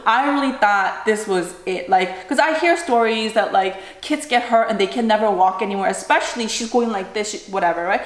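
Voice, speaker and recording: A woman's voice: medium pitch, a little fast. A woman in her thirties, a mother, telling a family story in a casual storytime vlog. She re-enacts the scenes as she talks and keeps checking in with "right?". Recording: roomy echoing room sound.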